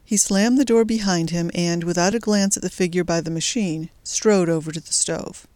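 Audiobook narrator, woman, low voice, measured, close and dry. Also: a little mellow, no room sound. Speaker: audiobook reader. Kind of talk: scripted narration.

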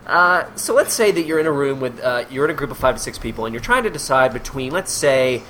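A man's voice: mid-range voice, lively intonation, fast, fairly bright tone, slight background noise. A man hosting a casual podcast chat, joking, laughing often and slipping into silly voices. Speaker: podcast host.

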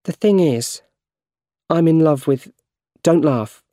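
A man's voice: a little high, takes it slowly, dark tone, dry recording, studio quality, pitched above the performer's own voice. A man voicing a spirited, affectionate young woman in a raised, lighter voice. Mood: earnest.

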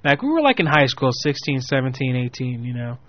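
A man's voice: medium pitch, a little fast, dry recording. A young man in his twenties, hosting a show and telling a long rambling story with lots of swearing, acting out the people he quotes. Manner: rambling, profane, animated quoting of people. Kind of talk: casual storytelling. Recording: muffled lo-fi audio.

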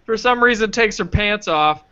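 Podcast guy, high bright voice, animated profane retelling, dull lo-fi audio. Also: normal speed, clear, resonant tone. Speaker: podcast co-host. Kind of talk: casual podcast chat, retelling a movie.

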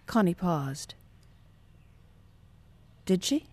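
A woman narrating a novel as an audiobook in a measured, calm reading. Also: medium pitch, no echo.

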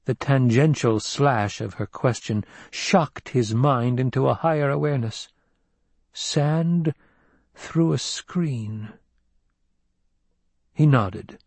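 A man narrating a novel as an audiobook in an even, unhurried storytelling manner. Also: mid-range voice, creaky, no room sound. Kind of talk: scripted narration.

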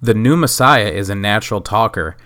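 A man's voice: fairly low pitch, lively intonation, a little fast, sharp tone. A man putting on a half-hearted impression of a woman with an accent, delivered stiffly and mock-seriously. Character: woman with an accent, wrestling personality.

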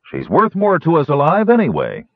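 A man's voice: on the high side, wildly swooping pitch, normal speed, no echo, voice pushed up. A man voicing a blunt, commanding middle-aged herd leader, on a dull lo-fi recording.

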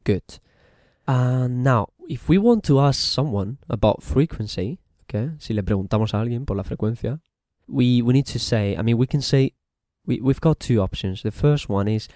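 Male English teacher, mellow. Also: fairly low pitch, dry recording, studio quality. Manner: switches between English and Spanish, repeats phrases slowly. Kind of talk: bilingual language lesson.

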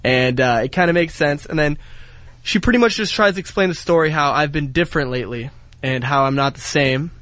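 A man's voice: fairly high pitch, fairly quick, a bit bright, no room sound. Young man in a dry studio, chatty and rambling, telling his story on air. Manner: rambling, many fillers, heated retelling. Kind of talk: casual storytelling.

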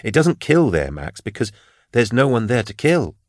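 A man's voice: medium pitch, very animated, a little mellow, no room sound, clean studio sound. Man reading as a wry male forensic scholar. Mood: insistent. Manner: measured, explanatory. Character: wry male forensic scholar, sharp-minded, dry wit. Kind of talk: audiobook character reading.

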